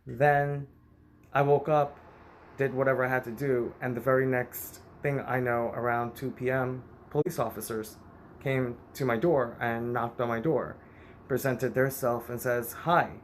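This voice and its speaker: A man's voice: medium pitch, little pitch movement, measured pace, a little hiss or hum. Guy venting about his family, candid and emotional, storytelling vlog style. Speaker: vlogger. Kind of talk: personal storytelling.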